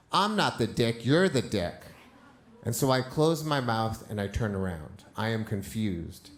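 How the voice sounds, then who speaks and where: Middle-aged male storyteller, live stage, slightly high voice, expressive delivery. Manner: animated, rising loud and high in the punch lines. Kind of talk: live first-person storytelling. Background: audience laughter.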